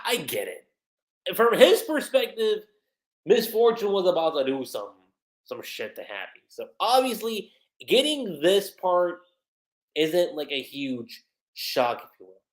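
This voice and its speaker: A host retelling a manga chapter on a casual livestream, chatty and quick to laugh. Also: medium pitch, very animated, echoey room. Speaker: manga reviewer.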